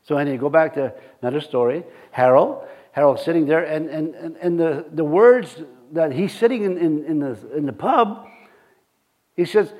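A middle-aged man preaching a sermon in a halting, folksy way, full of fillers and restarts, with chuckling asides. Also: fairly high pitch, a little mellow. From reservation community. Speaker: pastor.

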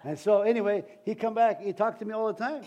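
A man's voice: sits high, fast, dark tone, dull audio. A man preaching a sermon as pastor, in a folksy, rambling way with many restarts.

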